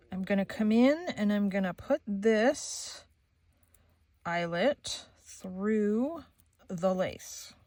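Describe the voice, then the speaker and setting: Slow, chatty woman crafting and storytelling. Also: medium pitch, darkish tone, no echo. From Maine, USA. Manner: chatty storyteller, laughs often. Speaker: crafting channel host. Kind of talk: casual chat while demonstrating crafts.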